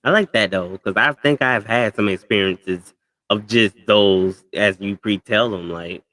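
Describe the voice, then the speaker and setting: A man co-hosting a casual talk show, musing in a relaxed, agreeable way. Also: lowish voice, measured pace, no room sound. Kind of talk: casual podcast conversation.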